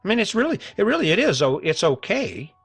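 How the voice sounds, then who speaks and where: A man's voice: sits high, sing-song, fast talker, slightly rough, soft background music. A middle-aged man hosting a podcast, talking earnestly and casually to listeners, often repeating himself and restarting his sentences. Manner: earnest, repetitive, conversational with many restarts. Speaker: podcast host. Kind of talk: motivational solo podcast monologue.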